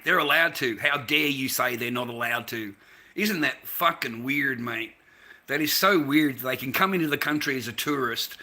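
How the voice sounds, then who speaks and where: Australian man, ranting monologue, heated and profane, keeps saying mate, very sharp tense voice. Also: mid-range voice. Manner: profane, heated, repeats himself, drops "mate".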